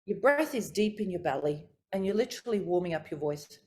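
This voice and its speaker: Expressive woman vocal coach teaching warm-ups. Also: brisk. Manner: expressive, demonstrates pitch and articulation. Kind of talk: coaching workshop talk.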